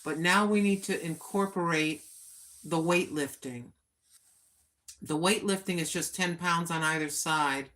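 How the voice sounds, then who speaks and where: A woman's voice: low voice, measured pace, a bit bright. An older woman, a senior citizen, talking in a plain-spoken, chatty and earnest way on her own livestream. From United States. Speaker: vlogger. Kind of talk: casual livestream chat.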